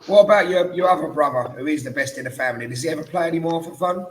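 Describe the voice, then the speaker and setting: A man's voice: a little high, very fast, rough recording. A tired man hosting a casual, banterous football chat podcast. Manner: chatty, banterous. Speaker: podcast host.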